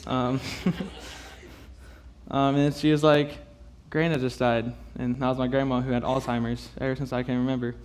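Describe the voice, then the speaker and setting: A young man giving a halting personal testimony to a youth group, full of fillers and nervous laughs and close to tears. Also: medium pitch, level tone, darkish tone, a little hiss or hum.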